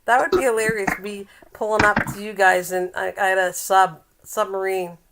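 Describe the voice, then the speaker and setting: An older woman hosts a casual live-stream chat. She teases her viewers, laughs often and reads a recipe aloud haltingly. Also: mid-range voice, flat delivery, heavy background noise. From Canada.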